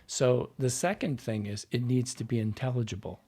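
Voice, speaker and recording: A man's voice: medium pitch, moderate pace, mellow, husky. A man being interviewed as a dialect coach, explaining his craft step by step in a teaching manner. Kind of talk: podcast interview conversation.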